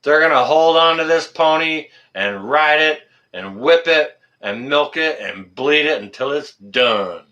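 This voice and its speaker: A man talks loosely with his viewers on a live stream. He is blunt and jokey, and he swears without a second thought. His pitch swings around a lot, and his voice is bright and forceful. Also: lively intonation, a little slow, few pauses, lo-fi sound. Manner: blunt, swears freely, chatty and joking. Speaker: channel host answering live chat. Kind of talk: casual live-stream chat.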